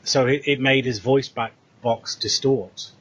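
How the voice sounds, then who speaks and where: A man's voice: mid-range voice, unhurried, highs cut off, slight background noise. A British man casually retelling a story, acting out the dialogue as he goes. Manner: animated retelling with quoted dialogue. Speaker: co-host.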